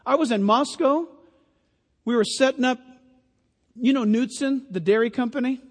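A man's voice: very high-pitched, normal speed. A man preaching a sermon, emphatic and full of stories. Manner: emphatic, storytelling. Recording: long hall reverb.

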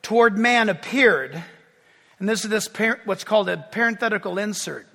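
A man preaching a sermon as pastor, animated, shouting out quoted crowds and joking with the congregation. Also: high voice, normal speed, creaky, long reverb tail. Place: church sanctuary.

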